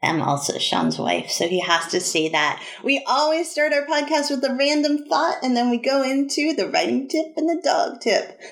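A woman co-hosting a casual podcast, telling stories in a chatty, animated way and laughing often. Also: sits high, normal speed, creaky, roomy sound. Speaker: podcast co-host, author. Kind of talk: casual chat.

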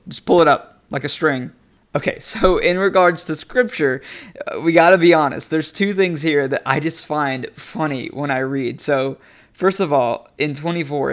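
A man with a slightly higher voice teaches scripture in a relaxed, chatty way. He sounds animated and amused, and breaks into laughter as he talks. He speaks like a friend sharing a Bible lesson rather than delivering a formal sermon. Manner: animated, conversational, laughing often. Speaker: preacher. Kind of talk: casual devotional teaching.

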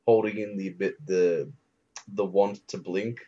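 A man's voice: sits low, steady tone, a little slow, mellow. A man co-hosting a casual podcast chat, leaning on fillers as he searches for words. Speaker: podcast co-host. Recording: slightly dull, lo-fi sound.

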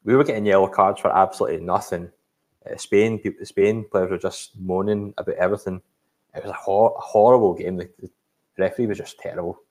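A man's voice: deep voice, steady tone, a little fast, a little mellow. A Scottish man co-hosting a podcast, chatting casually about football in a rambling, hesitant way with lots of fillers. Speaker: podcast co-host.

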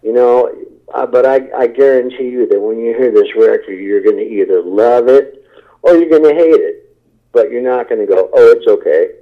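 A man's voice: medium pitch, normal speed. A man, a rock singer, giving an interview and talking casually and enthusiastically, rambling with many fillers and restarts. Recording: tinny phone line.

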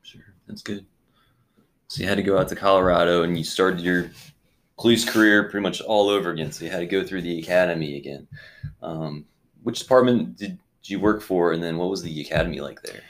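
American male host, low-pitched, easygoing, laughs with guests. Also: brisk. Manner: friendly, laughs along, short acknowledgements. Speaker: podcast host interviewer. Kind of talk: casual interview.

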